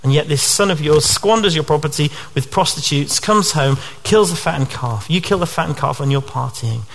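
A man's voice: a little high, normal speed, gravelly, big-room sound, rough recording. A male preacher acting out a resentful older brother who complains bitterly to his father. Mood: indignant. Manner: indignant, complaining.

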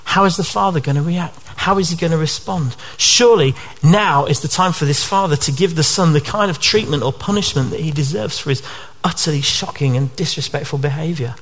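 A man's voice: a little high, fairly quick, hardly any pauses, a bit bright. A male preacher giving a sermon to his church in an earnest way, often posing rhetorical questions.

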